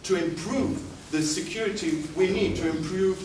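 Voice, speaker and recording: A man delivers a formal debate speech in a somewhat high voice, slipping in dry, sarcastic jabs. He sounds distant from the mic, in a reverberant hall. A steady hum of background noise runs underneath. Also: normal speed. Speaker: debate speaker. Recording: echoey hall from far off with noise.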